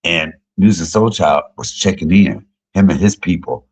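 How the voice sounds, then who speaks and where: A middle-aged man, a comedian, telling profane, joking stories on a casual livestream and jumping high in pitch when he quotes people. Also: expressive, normal speed, darkish tone, breathy edge, low-quality recording. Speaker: comedian and YouTube cook.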